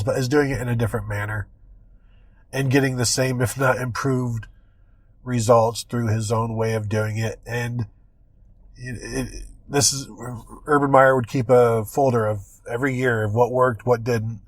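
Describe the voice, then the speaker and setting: A man's voice: medium pitch, no echo. A man with a mid-range voice hosts a sports podcast in easygoing chat. He keeps tossing in sarcastic jokes and quips. The recording is dry and close-miked. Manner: joking, sarcastic asides. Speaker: podcast host.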